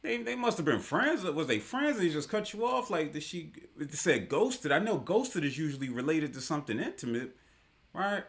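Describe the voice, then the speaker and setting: A man's voice: on the high side, very animated, moderate pace, fairly bright tone. A man hosting a live online talk show, giving casual commentary in an emphatic, slangy way and repeating his points for effect.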